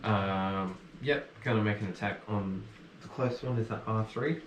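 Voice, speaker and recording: A man playing in a tabletop game, relaxed and a little hesitant. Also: fairly low pitch, a little slow, reverberant, a little hiss or hum. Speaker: player.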